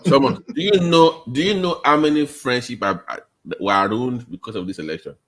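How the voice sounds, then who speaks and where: Male host, excitable and teasing, mid pitch. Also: a little fast. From Nigeria. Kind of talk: casual online chat.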